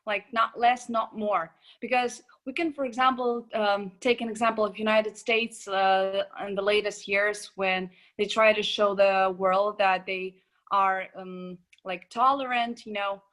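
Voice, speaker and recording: Young female student, unhurried, thoughtful, filler-heavy. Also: mid-range voice, fairly even intonation, a bit bright. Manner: thoughtful, hesitant, with many fillers. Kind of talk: student comment in online discussion. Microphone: video call.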